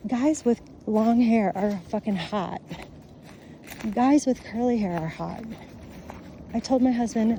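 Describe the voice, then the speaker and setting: Middle-aged woman, blunt and foul-mouthed, ranting to her phone on a walk; dark mellow voice, slightly high, faint outdoor noise. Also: measured pace, pauses often. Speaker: vlogger. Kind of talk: casual monologue while walking outdoors.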